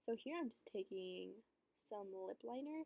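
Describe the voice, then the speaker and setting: A woman's voice: mid-range voice, animated, unhurried, creaky, warm tone. A young woman chatting casually as she talks through her makeup routine, her speech full of "like" and loose asides. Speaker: beauty vlogger. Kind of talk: casual makeup voice-over chat.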